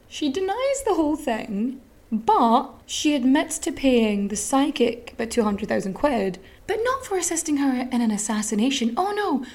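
A woman's voice: on the high side, big pitch swings, normal speed. A woman hosting a podcast, telling a true story in a casual, snarky, sweary way. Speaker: podcast host.

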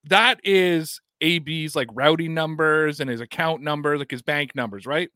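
A man's voice: a little high, moderate pace, no echo. Man, sports podcast host, casual commentary, rhetorical questions, dry close mic. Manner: animated, reads quotes aloud, rhetorical questions.

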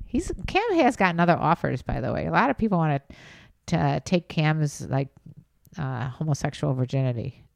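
A middle-aged woman co-hosting a casual podcast with a somewhat low voice. She is blunt and jumps between thoughts. Her voice is dry and close to the mic. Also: animated, moderate pace, gravelly, dry recording. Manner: blunt, scattered. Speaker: podcast co-host. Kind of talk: casual chat.

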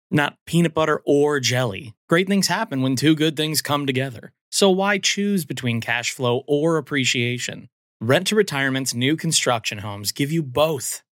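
A man's voice: medium pitch, a bit bright, no room sound, studio quality. Upbeat male ad announcer. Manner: upbeat, persuasive. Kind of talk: scripted radio-style ad read.

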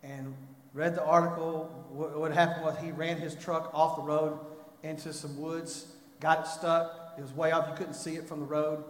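A man preaching a sermon, telling a story and rising to loud, impassioned pleading. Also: a little high, level tone, moderate pace. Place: church. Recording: echoey hall.

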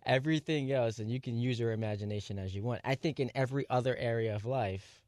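A man's voice: mid-range voice, fast talker, a little mellow, no room sound, studio quality. A man co-hosting a sports radio show, casually ribbing the host. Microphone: studio microphone.

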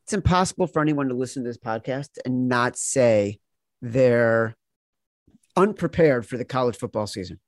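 A man hosting a sports betting podcast, teasing his guest and briskly wrapping up the show. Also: mid-range voice, animated, no echo, clean studio sound. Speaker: podcast host. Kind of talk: casual podcast chat.

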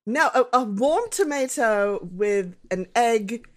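A woman co-hosting a podcast in casual chat, drawn-out and giggly. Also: a little high, lively intonation. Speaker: podcast co-host.

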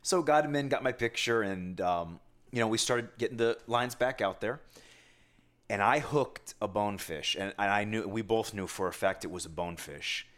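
A man with a somewhat low voice tells a long story in relaxed podcast chat. He rambles, restarts, and pokes fun at himself while keeping the energy up. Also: normal speed. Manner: animated, rambling, self-mocking. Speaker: podcast co-host telling a fishing story.

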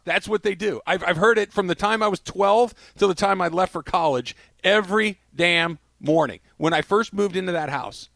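Animated man with a gravelly, bright voice. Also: high-pitched, moderate pace, hardly any pauses, dry recording. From Los Angeles area. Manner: animated storyteller, does loud bird-call impressions. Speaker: sports radio co-host. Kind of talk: casual sports talk.

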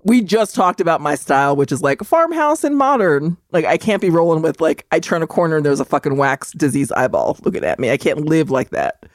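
A woman's voice: deep voice, big pitch swings, a little fast, hardly any pauses, no echo. Woman podcast co-host, profane storyteller, dry close sound. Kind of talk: casual chat.

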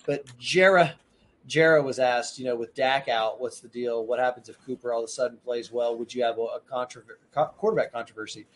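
Rambling, jokey man podcast co-host. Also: mid-range voice. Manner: rambling, jokey, quick restarts. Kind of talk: casual sports chat.

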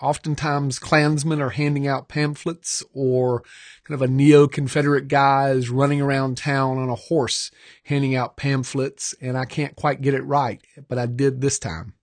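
A man's voice: medium pitch, flat delivery, moderate pace, a little mellow, no echo. Man, author, dry studio. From Georgia, US South. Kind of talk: recorded author talk. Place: recording studio.

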